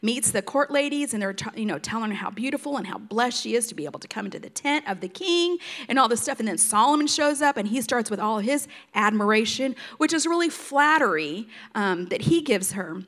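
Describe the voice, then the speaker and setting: A woman's voice: a little high, fairly quick, few pauses. Chatty woman teaching the Bible. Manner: chatty and expressive, retells scripture in her own words with many fillers.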